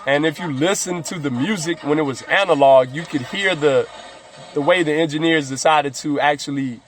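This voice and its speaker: A man's voice: on the high side, moderate pace. A man hosting a podcast, rambling loosely with heavy swearing and frequent laughs, recorded on a phone. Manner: loose, heavily profane, laughing often. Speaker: podcast host. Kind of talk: profane rambling podcast monologue. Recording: phone recording with music behind. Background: music playing.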